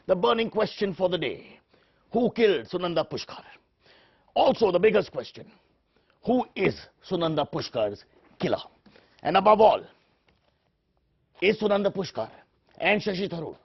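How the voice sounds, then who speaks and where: A man's voice: high-pitched, big pitch swings, moderate pace, long pauses, husky, muffled recording. Pompous indignant male TV anchor. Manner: pompous, indignant, self-important. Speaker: satirical news anchor. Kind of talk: parody of a shouting TV debate host.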